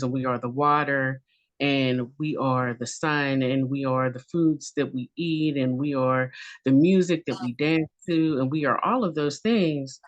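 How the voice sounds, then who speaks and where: A woman on a conference panel speaking gently in rhythmic, repeated phrases of encouragement. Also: rumbling low. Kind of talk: spiritual panel discussion.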